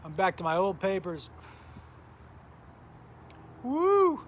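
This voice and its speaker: A man's voice: fairly high pitch, normal speed, slight background noise. Tired comedian chatting with his viewers. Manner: rambling, greets viewers by name mid-story. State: tired, recovering from illness. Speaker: comedian hosting a live smoking stream. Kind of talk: casual live-stream chat and storytelling.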